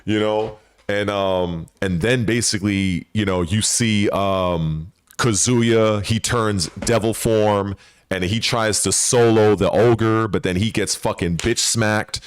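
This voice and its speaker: A man's voice: fairly low pitch, steady tone, takes it slowly, clear, resonant tone. A man hosting a gaming channel, rambling in casual speculative commentary with swearing and frequent restarts.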